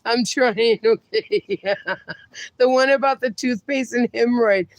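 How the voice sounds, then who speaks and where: A woman's voice: a little high, measured pace, no room sound. A woman hosting a casual livestream from home, reading viewer comments aloud while caught in a laughing fit, breathless and giggling helplessly. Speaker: livestream host.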